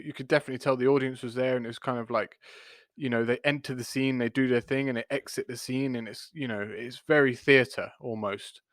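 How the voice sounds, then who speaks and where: A man's voice: medium pitch, no echo, clean studio sound. A man co-hosting a podcast, retelling a sitcom episode in a rambling, chatty way with lots of restarts. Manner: rambling, many restarts, chuckles while retelling. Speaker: podcast co-host. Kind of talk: casual chat recapping a sitcom episode.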